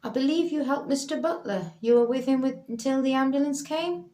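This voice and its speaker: Lady reading as a formal cop, loud-ish, echoey room. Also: very high-pitched, brisk, voice pushed up. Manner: formal, questioning. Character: formal male police constable. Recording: roomy echo.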